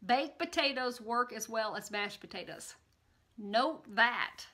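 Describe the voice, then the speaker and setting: A woman's voice: on the high side, lively intonation, takes it slowly, bright, forceful tone. A woman vlogger, reading viewer comments aloud in a bubbly, gushing way and chatting casually to camera. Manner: bubbly and gushing, gasps and coos.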